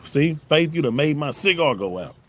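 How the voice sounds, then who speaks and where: Middle-aged Southern man, livestream host, lively up-and-down delivery, joking and laid-back. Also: on the high side, moderate pace, a little hiss or hum. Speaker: YouTube host reading live chat. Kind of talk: casual livestream chat. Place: home, smoking a cigar on a livestream.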